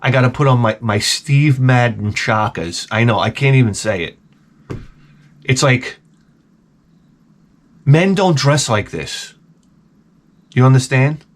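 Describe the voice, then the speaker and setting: Animated swearing man in his forties. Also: mid-range voice, takes it slowly, long pauses. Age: 40s. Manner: animated, profane, repeats himself. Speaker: vlogger. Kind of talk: casual storytelling rant.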